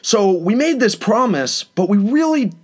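Casting: young male host, lively storyteller, voice sits a touch high, swings up when quoting people. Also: a little slow. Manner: animated, dramatic retelling with rising pitch on quotes. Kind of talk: casual storytelling chat.

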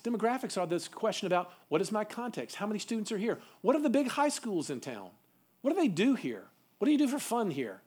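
A man's voice: high voice, a little mellow, husky. A man teaching a seminar to youth ministry workers, asking the room questions and adding folksy asides.

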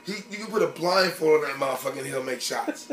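A man in casual basketball chat, animated and swearing, often acting out players' voices. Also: fairly high pitch, quick pace, roomy sound.

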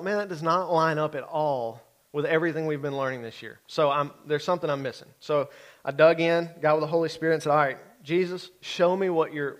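A middle-aged man preaching a sermon in a conversational way, often checking in with his listeners. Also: fairly high pitch. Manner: conversational, keeps checking in with the congregation. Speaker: pastor.

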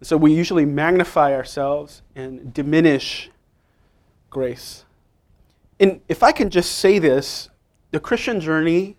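A male pastor delivers a sermon in a somewhat high voice. He is emphatic and playful, moving between quiet asides and loud stresses.

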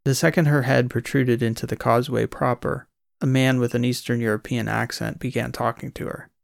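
A man narrating a science fiction audiobook in a steady, scripted storytelling voice. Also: medium pitch, fairly quick, gravelly, dry recording, clean studio sound.

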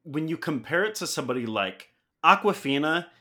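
Bright, opinionated podcast man. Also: on the high side, expressive, brisk. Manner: opinionated, builds his points with "like". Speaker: podcast co-host. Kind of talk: casual chat, movie review.

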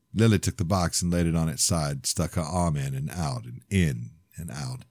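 Deep-voiced man narrating his own novel. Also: a little mellow, no room sound, clean studio sound. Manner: measured first-person storytelling. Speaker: author reading his novel. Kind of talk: audiobook narration.

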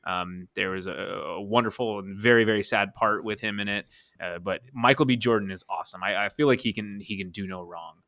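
A man's voice: fairly low pitch, brisk, fairly bright tone, no echo, clean studio sound. A man in his thirties co-hosting a casual podcast, talking enthusiastically and rambling with frequent laughs. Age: 30s. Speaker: podcast co-host.

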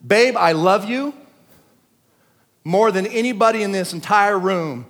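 A man preaching a sermon at a church service, talking in casual slang and swinging between shouting and quiet asides. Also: high voice, a little slow, slight background noise. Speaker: pastor. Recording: long church hall reverb.

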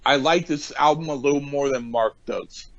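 A man co-hosting a podcast in casual banter, swearing a lot and yelling at his friends in jest. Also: medium pitch, moderate pace, creaky, dull audio. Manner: profane, excitable, yells in jest. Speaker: podcast co-host.

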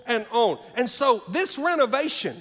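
High-pitched male pastor preaching in a reverberant sanctuary, dynamic swings from shouts to hushes. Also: very animated, measured pace. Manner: preaching with big swings from loud high calls to hushed low asides. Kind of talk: sermon. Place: church sanctuary. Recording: long reverb in a large hall with faint music.

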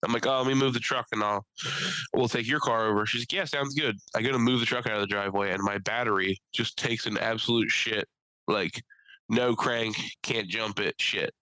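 A man's voice: lowish voice, a little fast, no echo, poor audio. A man co-hosting a casual podcast, telling stories with lots of energy and slipping into exaggerated impressions. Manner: animated storyteller, slips into exaggerated impressions. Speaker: podcast co-host.

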